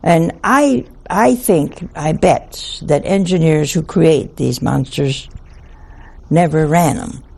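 An older woman, a nun, telling a humorous story in a slow, folksy manner. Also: sits low, vocal fry, a little mellow, slightly rough. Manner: slow, folksy anecdotal delivery.

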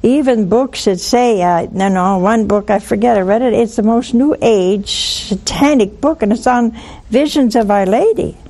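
Speaking at normal speed in a voice a little on the high side, an older nun teaches religion on her call-in show. She keeps things lively by acting out short dialogues.

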